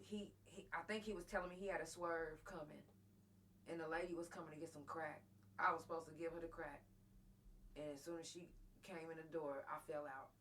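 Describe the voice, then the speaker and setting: Bright-voiced woman telling a raw story. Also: mid-range voice. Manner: raw, profane, emotional, addresses listeners directly. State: close to tears. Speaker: host. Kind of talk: candid personal storytelling on a live talk show.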